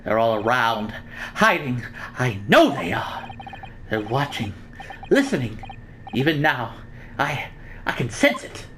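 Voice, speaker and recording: A woman's voice: a bass voice, very animated, takes it slowly, pauses often, background noise, pitched below the performer's own voice, heavily acted. A woman voicing a dramatic, paranoid young Japanese male student who talks in grandiose alliterative flourishes while reading a game aloud. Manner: grandiose, alliterative, theatrical outbursts.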